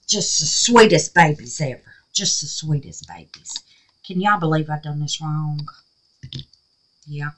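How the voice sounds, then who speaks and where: A woman's voice: fairly low pitch, a bit bright, low-quality recording. An older woman with a Southern US accent hosting a casual crafting vlog, chatty and gushing, calling her viewers honey and babies. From Mississippi, USA. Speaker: resin craft channel host.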